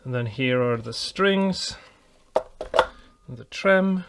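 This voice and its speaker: A man building an electric guitar, thinking aloud in a relaxed way with fillers and restarts. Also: medium pitch, extremely slow, background noise. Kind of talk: casual workshop narration.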